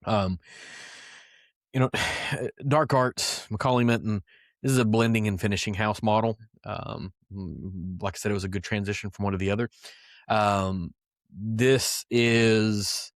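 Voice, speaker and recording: A man's voice: on the low side, steady tone, a little slow, no echo, clean studio sound. A man hosting a casual whiskey podcast, talking loosely with plenty of fillers and asides. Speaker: podcast host.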